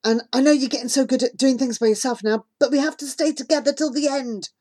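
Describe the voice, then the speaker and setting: A woman's voice: high-pitched, steady tone, fast talker, darkish tone, pitched above the performer's own voice. A woman reading the part of a stubborn, loyal young boy who insists fiercely on coming along, in an audiobook. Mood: insistent.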